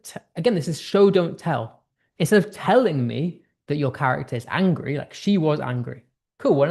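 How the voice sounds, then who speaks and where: A man's voice: on the high side, a little mellow. A young British man teaching an English writing lesson in a chatty way, full of fillers and acted-out example lines. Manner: conversational, many fillers and restarts, acts out example tones. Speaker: English tutor.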